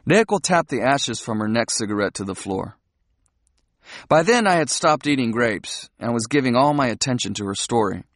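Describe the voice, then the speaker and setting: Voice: medium pitch, lively intonation, moderate pace, no echo, clean studio sound. An audiobook narrator reading a novel aloud, telling the story in an intimate first-person way.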